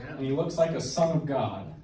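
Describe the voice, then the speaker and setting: With an expressive, medium-pitched voice at normal speed and a crowd audible behind him, a man offers a personal testimony to a church congregation. He retells a Bible story earnestly and colloquially, building in intensity, recorded from a distance in an echoey church hall with faint background noise.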